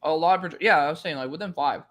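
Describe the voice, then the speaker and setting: A young man co-hosting a casual chat, excitable, laughing often and swearing casually. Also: fairly high pitch, fast. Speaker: co-host.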